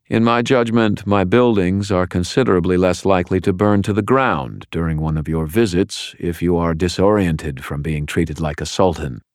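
A man reading an audiobook and voicing a polished male crime boss who speaks in a formal, measured, unruffled way. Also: sits low, dry recording, clean studio sound, lightly acted. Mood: cool, courteous. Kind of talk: audiobook character voice.

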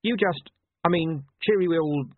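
A man voicing a gruff, weary male watch commander who speaks bluntly and awkwardly. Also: fairly high pitch, measured pace, dry recording, pitched above the performer's own voice. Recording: tinny phone-like dry sound.

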